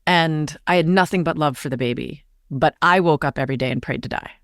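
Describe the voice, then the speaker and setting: Low-pitched woman guest, earnest and confiding, dry close mic. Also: brisk, no echo. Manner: earnest, confiding, animated retelling with quoted voices. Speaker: podcast guest, actress. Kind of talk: candid personal storytelling.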